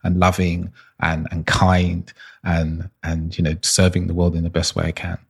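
A man's voice: low voice, completely flat delivery, normal speed, creaky, husky. A man being interviewed as an intimacy coach, telling personal stories earnestly and restarting often. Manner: earnest, searching, frequent restarts.

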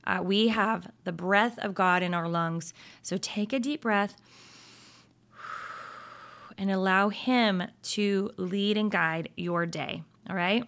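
A woman's voice: medium pitch, unhurried, vocal fry, fairly bright tone. A woman in her thirties giving a casual devotional encouragement talk, upbeat and chatty, often checking in with her listeners and laughing easily. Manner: laughs easily, trails into asides. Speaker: Christian women's encouragement host.

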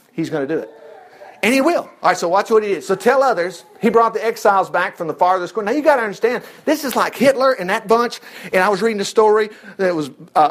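Folksy high-voiced preacher man. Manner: folksy, animated, reads scripture aloud and acts out voices. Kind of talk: casual Bible teaching.

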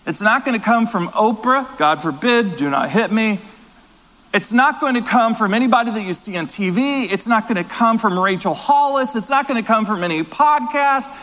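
A man with a high voice preaches emphatically to his church. He hammers points home with repetition and quick restarts. His voice rings with the long reverb of a large hall. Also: lively intonation, pushed and bright. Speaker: pastor. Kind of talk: sermon.

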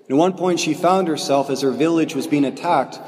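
A man preaches a homily, his voice sitting slightly high for a man. He tells his story in earnest, slowing down to land each key phrase. The sound rings with a long reverb, like a church. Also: darkish tone, a little hiss or hum. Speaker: priest.

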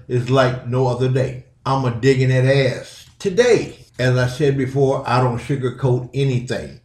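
A middle-aged man hosts a solo podcast in a loose, blunt way and circles back to repeat his points. His voice sits at an ordinary pitch. The room around him is echoey. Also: darkish tone. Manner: blunt and conversational, repeats himself for emphasis. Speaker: podcast host. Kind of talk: casual solo podcast commentary.

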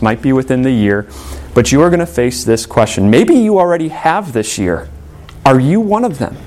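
Animated man preaching a sermon. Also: mid-range voice. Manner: animated storytelling, acting out quoted lines. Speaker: pastor.

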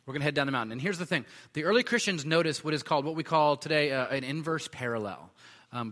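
Man preaching casually, bright voice in a hall. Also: on the high side. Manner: conversational, with frequent fillers and restarts. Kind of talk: sermon.

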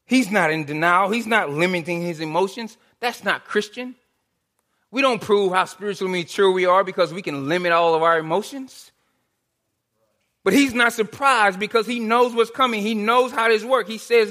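A man's voice: high voice, normal speed, pushed and bright. A man preaching a sermon as pastor, earnest, with rhetorical questions and repetition.

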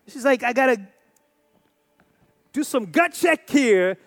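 A man in his forties preaches a sermon in an unusually high voice. He leans on repeated phrases and throws rhetorical questions at his listeners with emphatic force. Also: expressive, a little slow, fairly bright tone, faint music behind. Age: 40s. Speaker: pastor.

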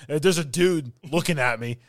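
A man co-hosting a gaming podcast in casual chat, blunt and jokey and quick to complain. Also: fairly high pitch, dry recording, clean studio sound. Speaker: podcast co-host.

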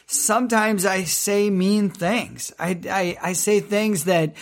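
Man, high-pitched, earnest co-host of a faith marriage podcast, reads verses slowly.

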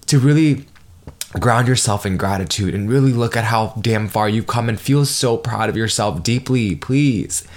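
A man in his twenties hosting a solo podcast, talking in an emotional, effusive way, swearing freely and jumping up in pitch when excited. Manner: animated, jumps higher when excited. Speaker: podcast host. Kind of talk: solo motivational podcast monologue.

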